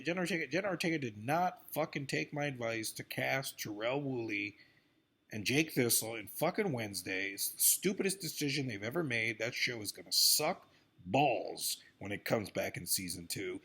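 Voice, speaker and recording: A man rants into the camera, rambling and swearing freely as he moves from low grumbling to sudden outbursts. His pitch jumps around a lot, and his mid-range voice keeps bouncing up and down. It is loose, unscripted vlog talk. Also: expressive, normal speed, fairly bright tone, slightly rough. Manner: profane, rambling, swings between grumbling and outbursts. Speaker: vlogger. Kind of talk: rambling celebrity-news rant.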